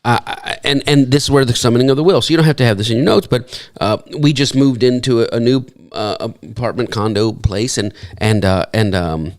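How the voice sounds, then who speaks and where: A man's voice: medium pitch, fairly quick, hardly any pauses. A man giving a talk, telling stories in a folksy, conversational way and acting out the dialogue. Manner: animated storyteller who acts out quoted dialogue. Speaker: speaker. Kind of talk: storytelling talk to an audience.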